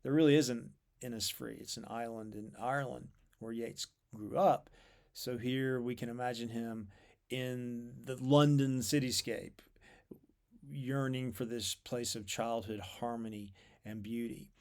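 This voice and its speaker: A man in the middle of his pitch range gives an explanatory talk about poetry. He sounds thoughtful and measured. He pauses on fillers and repeats words as he works out his points. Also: steady tone. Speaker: literature lecturer.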